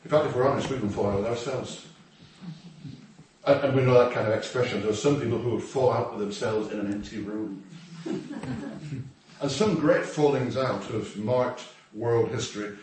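Male preacher, chatty and joking, recorded from afar in a booming hall. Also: a little fast, a little mellow. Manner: humorous, conversational, with asides and acted quotes. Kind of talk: sermon. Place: church hall. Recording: echoey hall, distant mic, faint noise.

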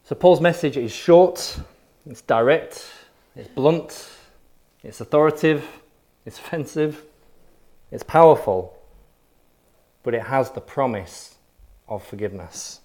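A man's voice: medium pitch, lively intonation, a little slow, pauses often, a little mellow. A man preaching a sermon in short, punchy, repeated phrases. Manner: emphatic, punchy repetition.

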